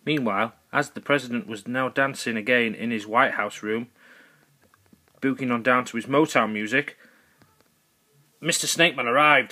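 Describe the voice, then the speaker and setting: A man's voice: mid-range voice, moderate pace, sharp tone. A man improvising a goofy, rambling comic story as narrator, correcting himself as he goes.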